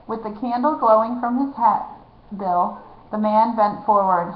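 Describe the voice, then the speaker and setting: Woman narrator, lively storybook reading, lo-fi dull recording. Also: fairly high pitch, normal speed. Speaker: reader. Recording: echoey, dull lo-fi room.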